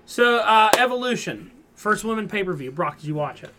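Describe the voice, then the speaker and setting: Retelling comic book plots on a casual pop culture podcast, a male host rambles and leans on fillers. His voice is high and expressive, his pace fairly quick, and there's background noise in the recording.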